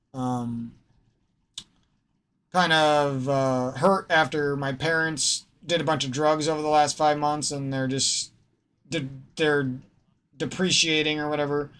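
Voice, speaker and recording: Speaking with a slightly high, somewhat bright, clean-toned voice, a gaming streamer rants in a rambling vlog full of profanity. His Midwestern American accent is slightly nasal, and he cuts himself off mid-sentence.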